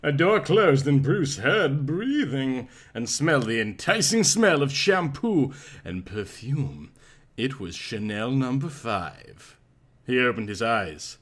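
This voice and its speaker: A man reading a pulp story aloud in a lively, expressive narration. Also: mid-range voice, slow pace, breathy edge. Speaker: story reader.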